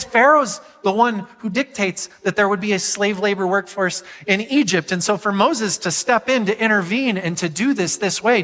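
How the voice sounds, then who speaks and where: A man with a high-leaning, bright and forceful voice preaches a sermon in a lively way, often asking his listeners questions. His voice carries a long echo from the large hall around him. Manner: animated, asks the crowd questions. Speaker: pastor.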